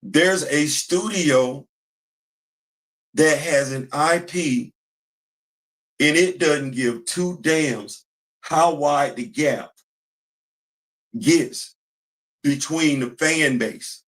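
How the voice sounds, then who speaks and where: A man hosting a commentary channel, talking in a casual, animated way, repeating phrases and answering himself with call-and-response. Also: on the high side, extremely slow, long pauses.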